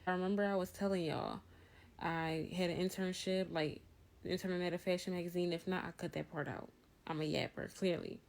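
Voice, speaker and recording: A woman's voice: lowish voice, steady tone, a little fast, creaky, darkish tone. A young woman telling a personal story in a casual storytime, chatty and talking straight to her viewers. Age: young adult. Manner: chatty, addresses viewers as y'all. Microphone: phone. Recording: noisy phone clip with ambience.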